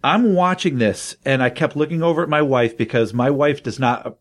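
A man in casual podcast conversation, middle-pitched and easygoing. He tells stories with energy and jumps into raised voices when he quotes characters. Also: moderate pace. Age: adult, married. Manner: animated storyteller, acts out quotes in a raised voice. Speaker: podcast co-host. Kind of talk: casual chat.

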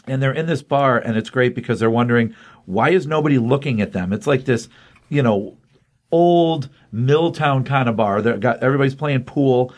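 A man casually recapping a comic book issue, quoting the characters in his own plain voice with lots of ums. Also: mid-range voice. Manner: retells scenes quoting characters in a flat voice, many ums.

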